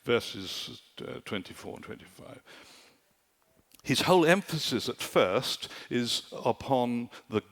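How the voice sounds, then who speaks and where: Animated male preacher in a reverberant hall. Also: mid-range voice, slow pace, vocal fry. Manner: animated, rhetorical, keeps asking "do you see?". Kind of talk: sermon. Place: large conference hall at a summer camp.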